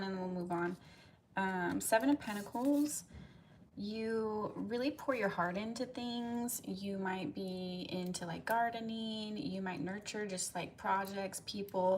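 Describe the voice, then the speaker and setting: A woman with a mid-range voice does a live tarot reading for viewers, reading their comments aloud and answering them. She's chatty and rambling, leaning heavily on "like" and "um," and there's a little hiss or hum in the audio.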